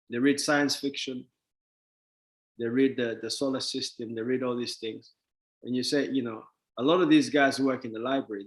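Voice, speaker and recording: A man giving a motivational talk to an audience, emphatic and repetitive, swinging between loud and soft. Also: medium pitch. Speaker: motivational speaker. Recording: echoey room.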